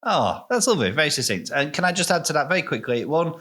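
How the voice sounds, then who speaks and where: Comedy podcast host guy, rambling and giggly, bright voice. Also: a little high, very animated, quick pace. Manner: giggly, rambling, self-amused. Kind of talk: casual comedy podcast chat.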